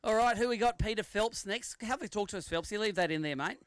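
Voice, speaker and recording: A man's voice: high-pitched, fast, smooth, dry recording. A man with an Australian accent hosting a live fishing weigh-in outdoors, chatty and joking as he reads out weights and standings. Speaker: weigh-in emcee.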